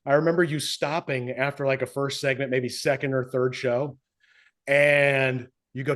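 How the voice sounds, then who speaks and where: A middle-aged man, a podcast co-host and former radio host, chatting casually and telling stories with animation. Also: medium pitch. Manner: animated storyteller, quick to slip into voices. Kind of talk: casual chat.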